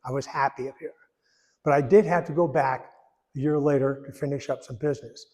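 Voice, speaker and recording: A man in his eighties giving a personal testimony in church, rambling and folksy, pausing when emotional. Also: medium pitch, steady tone, a little mellow. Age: 80s. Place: church sanctuary. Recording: echoey church hall.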